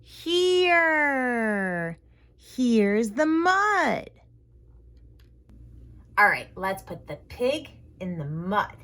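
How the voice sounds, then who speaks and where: Speaking at a fairly high pitch with a slightly bright, sing-song tone, the woman therapist from the United States coaxes toddlers through a slow lesson. She draws out words, does animal sounds, and keeps everything playful and exaggerated.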